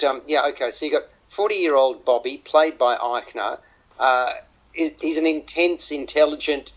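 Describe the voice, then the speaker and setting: Stammering radio film host. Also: male voice, medium pitch, fairly bright tone. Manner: stammering restarts, repeated words. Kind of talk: radio film review panel chat. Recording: dull lo-fi radio audio.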